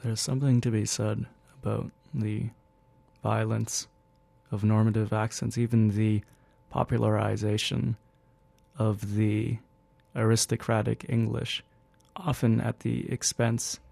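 A low-pitched man with a gravelly edge and a dark, mellow tone delivers a measured, academic commentary. His phrasing is halting as he hosts a radio show from a dry, close studio mic. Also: little pitch movement, no echo. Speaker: radio host. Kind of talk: spoken essay and commentary.

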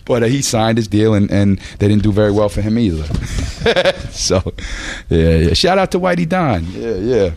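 A man's voice: lowish voice, animated, moderate pace, darkish tone, a little hiss or hum. A man being interviewed as a rapper, telling rambling, profane stories and often laughing as he talks. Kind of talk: casual storytelling in an interview.

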